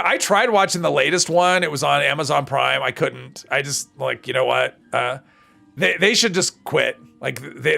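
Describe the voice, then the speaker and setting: A man talking casually during a live gaming stream, his voice heavily gravelly and bright, worn and strained with fatigue. He reads the chat and replies as he plays, and faint music runs behind him. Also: a little high. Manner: chatty, reads and answers chat between game reactions. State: strained, tired voice.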